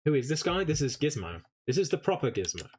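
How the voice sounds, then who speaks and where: A man's voice: a little high, very animated, fast, a little mellow, slight background noise. A man from Canada chatting casually while streaming a game, playful and joking with chat, keeps slipping into put-on English accents. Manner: jokey, answers chat by name.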